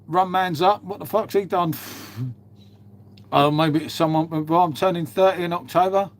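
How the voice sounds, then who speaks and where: A man's voice: sits high, steady tone, moderate pace. A man, chatting casually on a live stream, swearing freely and bantering as he answers viewers' chat. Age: 50s.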